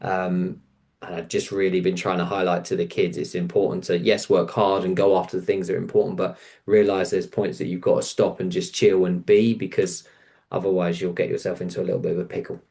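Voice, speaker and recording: Male podcast guest, low-pitched, earnest and reflective storyteller. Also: flat delivery, brisk, gravelly, dark tone. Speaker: guest, coach. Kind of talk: reflective conversation.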